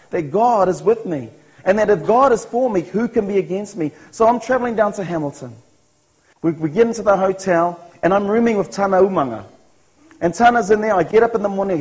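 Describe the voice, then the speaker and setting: High-voiced New Zealand man giving testimony. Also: darkish tone, low-quality recording. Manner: earnest storytelling, voicing his own thoughts, chuckles at himself. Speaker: speaker giving a personal testimony. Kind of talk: testimony sermon.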